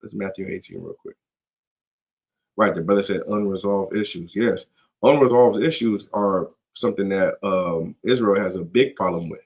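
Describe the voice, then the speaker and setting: Guy running a chill bible study, kinda low voice, talks slangy and keeps going "you get what im saying". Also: moderate pace, a little mellow. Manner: conversational, slangy, acts out dialogue, constant "you get what I'm saying". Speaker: teacher leading a scripture study. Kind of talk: casual scripture teaching.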